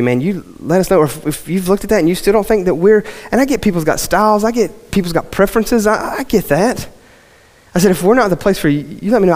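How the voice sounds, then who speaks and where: A pastor from West Virginia, preaching a conversational sermon that rises into impassioned, repeated emphasis. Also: male voice, on the high side, darkish tone, long reverb tail. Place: church sanctuary.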